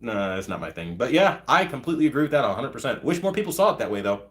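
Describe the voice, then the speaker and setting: A man's voice: medium pitch, big pitch swings, racing. A man in his thirties hosting a live chat, answering viewers' comments in a blunt, profane, ranting way. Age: 30s. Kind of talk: casual livestream chat.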